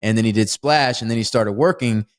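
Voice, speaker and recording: Man, podcast co-host, casual film chat, animated, frequent laughter. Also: a little fast. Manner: animated, laughs often, jumps up in pitch when excited.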